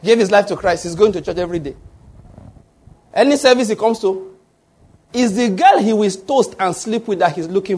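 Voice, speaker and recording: A man's voice: sits high, moderate pace, pauses often, darkish tone, breathy edge. A man preaching a sermon, emphatic and often restarting his words while asking the congregation to fill in the answers. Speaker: pastor.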